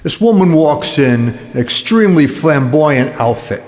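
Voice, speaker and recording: A man telling dance jokes in a rapid, punchy stand-up delivery. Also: on the high side, expressive, crowd noise. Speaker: comedian. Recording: echoey hall.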